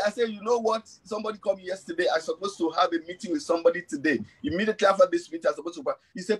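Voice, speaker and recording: A man's voice: high voice, racing, hardly any pauses, a bit bright, husky, low-quality recording. A pastor in his fifties preaching an emphatic sermon in church, repeating his refrains for force. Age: 50s.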